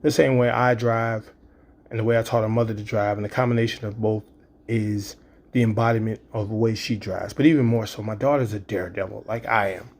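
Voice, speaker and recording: A man's voice: fairly low pitch, steady tone, brisk, darkish tone. Man telling a story with sound effects. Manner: vivid, with sound effects and quoted dialogue. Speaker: storyteller and poet. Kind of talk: spoken-word storytelling.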